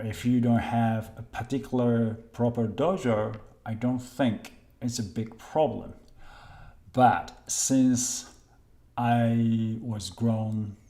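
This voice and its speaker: A man chatting casually on a live stream as a kendo instructor, reading viewer comments with a halting, polite manner. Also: medium pitch, dark tone. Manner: hesitant, halting, many restarts while reading names; polite, thanks viewers often.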